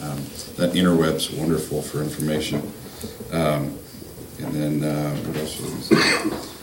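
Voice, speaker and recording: A man with an extremely deep voice speaks casually and haltingly, pausing on fillers. He sounds distant from the microphone in an echoey room, with faint ambient noise. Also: level tone. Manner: hesitant, many fillers. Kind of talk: casual remarks in a class.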